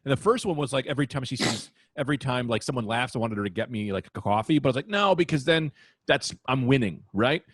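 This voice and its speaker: A man co-hosting a casual comedy podcast, telling jokey stories with quick asides. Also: mid-range voice, breathy edge, no room sound, studio quality. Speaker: podcast co-host.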